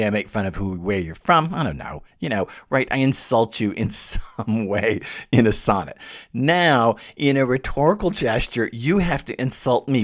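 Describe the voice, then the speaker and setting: A man giving a conversational literature lecture, explaining poetry with animated, chatty asides. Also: mid-range voice. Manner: animated, conversational, laughs at his material.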